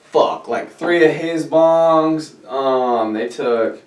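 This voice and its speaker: On a podcast, a man with a fairly high-pitched voice tells a rambling story very slowly, swearing heavily and growing animated as he retells events. It's casual storytelling chat, and the audio sounds roomy, captured far from the mic.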